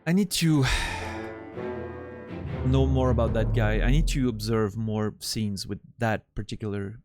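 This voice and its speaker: A man's voice: fairly low pitch, steady tone, unhurried, over music. A man streaming a game, casually puzzling things out aloud as he plays. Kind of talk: casual gameplay commentary.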